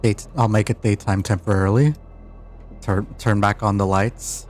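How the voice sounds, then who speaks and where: A man's voice: on the low side, steady tone, soft background music. A man narrating as game master of an online tabletop game, stumbling and restarting as he describes things. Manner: halting, restarts while describing, self-deprecating.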